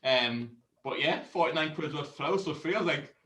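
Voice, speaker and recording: A man's voice: on the high side, a little fast, roomy sound, rough recording. A man, co-hosting a casual beer show, telling a story with lots of swearing and laughter. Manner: animated storyteller, swears freely, laughs often. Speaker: co-host of a beer review show.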